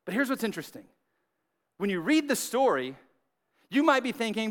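A man preaching a sermon, telling the story in a lively, conversational way, acting out the characters and often asking "right?". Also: high voice, normal speed, long pauses. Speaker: pastor. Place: church service with several campuses.

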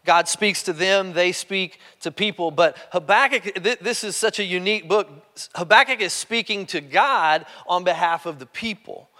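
A man's voice: sits high, moderate pace, sharp tone. A man preaching a sermon in a conversational way, often restarting and repeating words. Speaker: pastor. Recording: long hall reverb.

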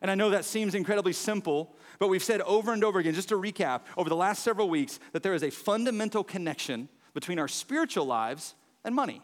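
A pastor delivers a sermon, his voice sitting high for a man. He talks loosely and conversationally, full of fillers, and acts out anecdotes with energy. The sound rings with long reverb from a church hall. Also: quick pace, hardly any pauses. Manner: conversational, animated storytelling with frequent fillers.

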